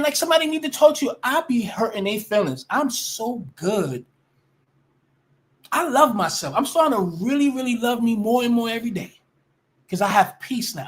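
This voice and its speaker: A woman ranting casually to her viewers, blunt and profane, often restarting her sentences. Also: fairly high pitch. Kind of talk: casual rant to camera.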